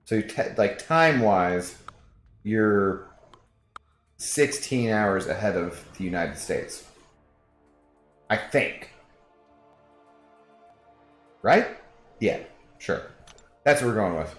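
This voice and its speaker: A man's voice: fairly low pitch, animated, takes it slowly, pauses often, echoey room, faint music behind. A man streaming a video game, chatting casually and jokingly with viewers and reading their messages aloud.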